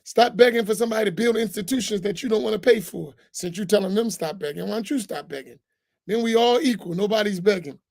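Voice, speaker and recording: A man's voice: sits high, creaky, husky, no room sound, studio quality. A man, an imam, giving an informal reflection talk with humor and acted-out voices. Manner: animated, humorous, acts out voices, preachy asides.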